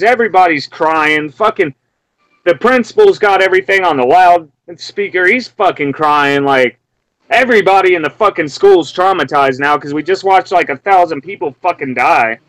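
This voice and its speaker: A young man from Memphis ranting in a casual, profane way, breaking into high mocking yelps as he acts out what he heard. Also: fairly bright tone, no echo, low-quality recording. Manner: heated, profane, mimics screams in sudden high yelps.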